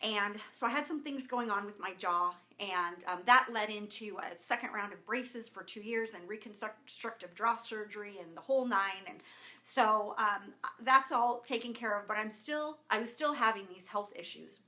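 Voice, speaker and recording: Speaking at an ordinary pace with a sharp edge and medium pitch, this woman in her thirties from Southern California talks to viewers on a livestream, calling out their names and using plenty of fillers. She's indoors at home among her camera and lights, openly emotional and on the verge of crying.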